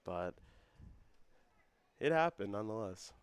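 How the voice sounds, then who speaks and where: A young man doing play-by-play for a student soccer broadcast. His voice climbs and quickens as the attacks build. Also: on the low side, expressive, clean tone. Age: young adult. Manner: rises and speeds up with the action. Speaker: play-by-play commentator. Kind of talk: student sports commentary.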